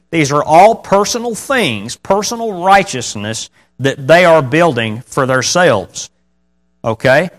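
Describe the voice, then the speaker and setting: A man's voice: a little high, fairly bright tone. A man preaching a sermon, talking conversationally to his congregation, often asking them questions and reading scripture aloud. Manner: reads scripture in King James wording. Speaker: pastor.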